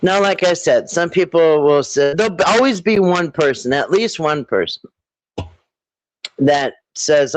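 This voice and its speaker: A man hosting a casual live stream, rambling with halting restarts and frequent throat clearing. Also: fairly high pitch, expressive, no echo, rough recording. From Minnesota.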